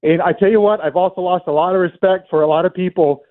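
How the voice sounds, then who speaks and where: A man's voice: high voice, steady tone, fast. Aggrieved male caller on a phone line. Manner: earnest, aggrieved, hesitant. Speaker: radio caller. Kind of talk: call-in radio.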